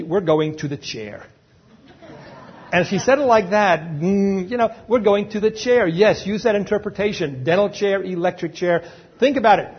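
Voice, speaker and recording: A man's voice: sits high, husky, highs cut off. A man giving a live lecture on dental emergencies to a roomful of dental staff, emphatic and often checking in with the audience.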